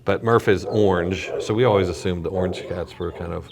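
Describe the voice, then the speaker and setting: Deep-voiced halting man hosting a podcast. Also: fairly even intonation, creaky, noisy background. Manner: halting, repeats words, chatty. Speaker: podcast host. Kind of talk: casual interview. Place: animal shelter, indoors.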